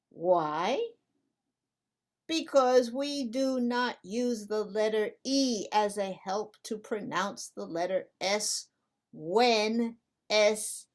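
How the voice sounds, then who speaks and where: A woman's voice: medium pitch, drawn-out words. A woman who speaks English as her first language, teaching at a whiteboard, patiently repeating a rule and asking playful questions. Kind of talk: slow, deliberate classroom explanation.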